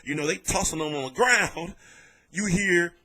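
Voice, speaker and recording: A man giving casual vlog commentary on boxing, telling it in an animated, jokey and profane way. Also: high-pitched, normal speed.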